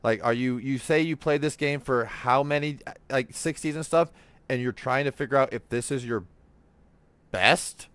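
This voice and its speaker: A man hosting a gaming podcast, telling stories in casual, profane, animated chat while he plays. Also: mid-range voice, moderate pace, clear, resonant tone, no echo. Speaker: streamer and podcast host.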